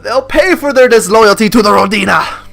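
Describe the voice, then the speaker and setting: A man's voice: high voice, normal speed, creaky, fairly bright tone, voice pushed up. Cheeky tank girl who loves her vodka, putting on a heavy fake Russian accent, raised voice and teasing, as a man plays her for a game, with faint music behind. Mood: proud.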